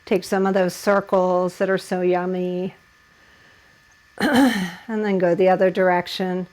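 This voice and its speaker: A woman's voice: fairly low pitch, little pitch movement, a little slow, a little mellow, rough recording. A woman leading a yoga class, giving encouraging instructions and laughing at herself while she holds the poses.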